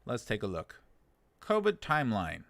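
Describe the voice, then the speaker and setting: Low-voiced sarcastic American livestream host. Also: male voice, wildly swooping pitch, moderate pace, gravelly, a bit bright, dry recording. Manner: dry, sarcastic humor with chuckles. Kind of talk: casual livestream chat reading viewer comments. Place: living in China.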